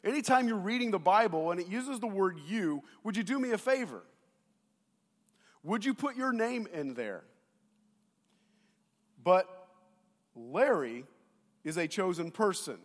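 A man preaching a sermon to his congregation on a lapel mic, telling stories in an animated way and speaking straight to the people in front of him. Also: high-pitched, takes it slowly, long pauses. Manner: animated storytelling, addresses the congregation directly. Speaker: pastor. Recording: long reverb of a big hall.

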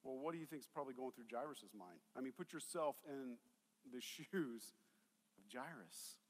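A man's voice: mid-range voice, animated, moderate pace, in a large hall. A man preaching a sermon as a pastor, talking casually and acting out the voices of the people in the story.

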